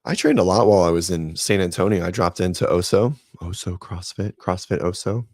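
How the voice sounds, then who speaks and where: A man's voice: low voice, animated, brisk, darkish tone, no room sound, clean studio sound. A man in his thirties, a fitness coach and host, chatting casually on a livestream in a rambling, laid-back way and talking to viewers by name.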